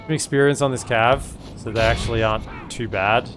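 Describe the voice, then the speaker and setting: A man's voice: medium pitch, brisk, background noise. An Australian man giving casual, chatty gameplay commentary as a streamer, often repeating himself. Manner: chatty, repeats words, many restarts.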